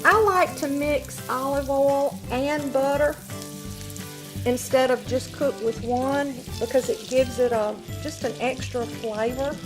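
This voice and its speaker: Southern lady explaining a recipe, folksy and plain, music playing clearly under her. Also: sits high, slow. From Southwest Georgia, US. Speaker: winery guest. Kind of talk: cooking demonstration.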